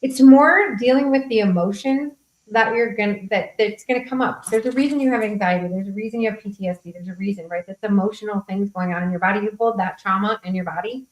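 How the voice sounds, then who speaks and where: A woman's voice: medium pitch, quick pace, echoey room, rough recording. A woman coach speaking frankly and casually, answering questions at a group meetup, with casual swearing. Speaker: host and coach.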